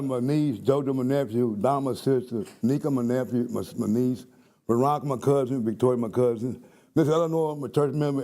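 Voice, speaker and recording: Man, honoree, nervous halting speech, repeats words, mid voice. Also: mid-range voice, gravelly, darkish tone, breathy edge. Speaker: hall of fame inductee. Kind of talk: emotional acceptance speech. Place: banquet hall with audience.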